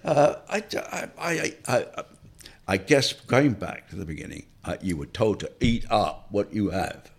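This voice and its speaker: Gravelly deep-voiced older man. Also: expressive, a little slow. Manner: wry, rambling, laughs through stories. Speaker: interview guest. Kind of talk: anecdotal reminiscing.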